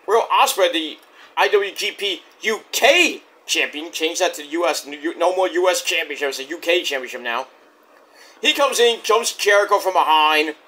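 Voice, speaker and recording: This man's voice sits high and sounds bright and forceful as he recaps a wrestling show. He rambles and swears through a loose play-by-play of each segment, restarting frequently.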